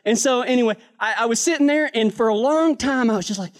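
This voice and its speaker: A man's voice: very high voice, quick pace. A man preaching a sermon, telling a joking, folksy cowboy story.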